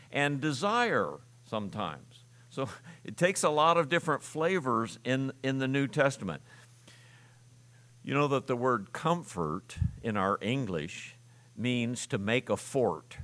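A male pastor delivering a sermon in a relaxed, conversational teaching manner, often pausing on fillers and restarting phrases. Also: medium pitch.

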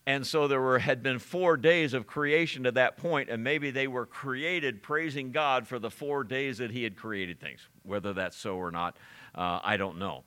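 Bright-voiced man preaching a sermon. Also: medium pitch, smooth. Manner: earnest, halting, with frequent uh fillers and repeated words. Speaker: pastor. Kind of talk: expository sermon.

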